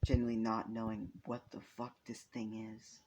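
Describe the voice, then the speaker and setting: A man's voice: lowish voice, flat delivery, moderate pace, background noise. A young man improvising a fan story aloud, rambling and swearing, with frequent restarts.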